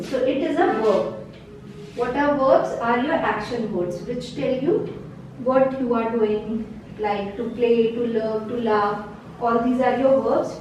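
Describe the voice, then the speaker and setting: Slow, patient woman teaching in an echoey room. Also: fairly high pitch, darkish tone, distant mic, slight background noise. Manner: patient, repeats each word several times. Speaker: French teacher. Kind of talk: slow beginner vocabulary lesson.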